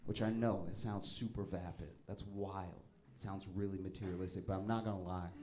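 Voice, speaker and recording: Low-voiced man doing stand-up. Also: fairly even intonation, brisk, slight background noise. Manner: storytelling, rises loud and high for punchlines. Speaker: stand-up comedian. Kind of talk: stand-up comedy set. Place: comedy club stage with audience. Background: audience laughter.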